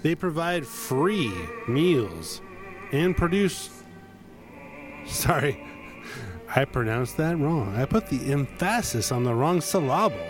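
A man hosting a radio show in casual disc jockey patter, chatty with wry asides and quick self-corrections. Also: medium pitch, very animated. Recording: music playing under the voice. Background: music.

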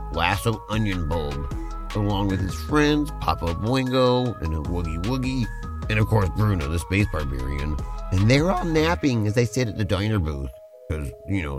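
A low-pitched man hosts a podcast, acting as game master and narrating a playful tabletop-style role-play adventure in an easygoing, rambling manner.

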